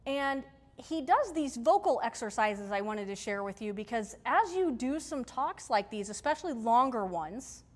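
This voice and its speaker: A woman's voice: a little high, very animated, moderate pace. Woman presenter, conversational and emphatic. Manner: conversational, emphatic, checks in with the audience. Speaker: workshop presenter. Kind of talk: live technical-community workshop talk. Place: meetup room with audience. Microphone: handheld or stage mic.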